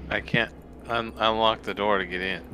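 A man's voice: on the low side, steady tone, moderate pace, sharp tone, slight background noise. A man chatting casually as a player in a tabletop game, loose and profane. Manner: loose and swearing, laughing easily.

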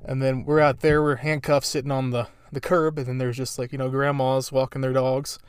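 A man's voice: medium pitch, level tone, brisk, clear, resonant tone, dry recording, clean studio sound. A young man hosting a podcast, telling stories in a rambling, amused way with lots of fillers. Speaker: podcast host. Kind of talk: casual storytelling.

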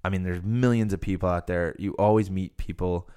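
A man's voice: low-pitched, fairly even intonation, brisk, mellow, smooth. A young man from Rhode Island hosting a podcast, chatting casually and rambling with lots of fillers. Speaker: podcast host. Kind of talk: casual chat.

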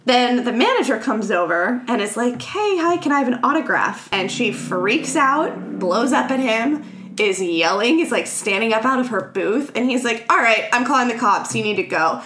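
Animated woman in an echoey room. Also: on the high side, normal speed, a little hiss or hum. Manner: animated storytelling, acts out quotes, laughs often. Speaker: podcast co-host recapping a film. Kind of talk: casual chat.

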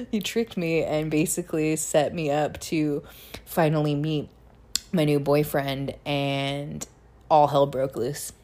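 A woman's voice: deep voice, steady tone, slow, pauses often, darkish tone. A young woman telling her own story in casual, blunt, profanity-laced talk, filled with "like". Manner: blunt and profane, heavy use of "like". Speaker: podcast host telling her life story.

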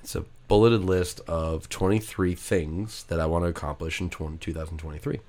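A man telling a long story to friends on a casual chat show, swearing freely and jumping into high voices when quoting people. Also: normal speed, slight background noise. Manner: animated, profane, jumps into high voices for quoted people. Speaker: podcast regular telling a story.

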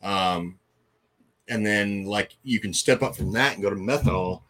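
A man's voice: lowish voice, measured pace, fairly bright tone. A man co-hosting a casual racing livestream, joking around and swearing freely while he explains carburetors and car setup. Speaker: racing co-host.

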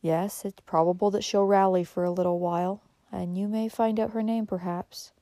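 A woman reading a storybook, voicing a somber male doctor who speaks in a low, subdued manner. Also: fairly even intonation, moderate pace, dark tone, no room sound, studio quality, natural voice. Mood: gentle.

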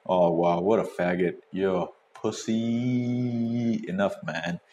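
A man hosting a casual podcast, reacting to clips with crude, profane commentary and loud whoops. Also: deep voice, slow pace. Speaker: podcast host. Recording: echoey room, faint noise.

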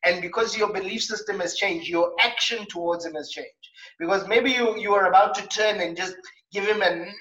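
A South African man hosting a coaching talk show, telling stories in a lively way with acted asides. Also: high voice, moderate pace, echoey room, recorded from a distance, rough recording. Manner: animated storytelling with acted asides.

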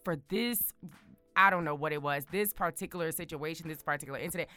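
Bright, bold young woman vlogging. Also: on the low side, fast, no echo, faint music behind. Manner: bold, excitable, repeats words for emphasis. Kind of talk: casual chat to viewers.

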